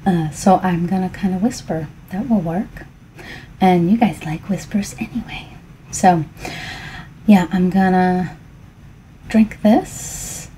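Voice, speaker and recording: A woman in a soft-spoken ASMR tea ramble at home, talking in an unhurried, rambling way with a froggy morning voice. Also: lowish voice, a little hiss or hum, rough recording. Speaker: ASMR creator.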